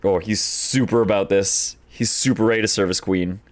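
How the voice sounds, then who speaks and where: A man's voice: fairly low pitch, steady tone, normal speed. A man streaming a game, chatting playfully and joking about the characters. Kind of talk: let's play commentary.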